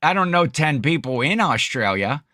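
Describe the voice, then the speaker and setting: A man's voice: on the high side, big pitch swings, moderate pace, sharp tone, no room sound, studio quality. A middle-aged man co-hosting a podcast in casual chat, rambling, self-correcting and laughing often. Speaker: podcast co-host.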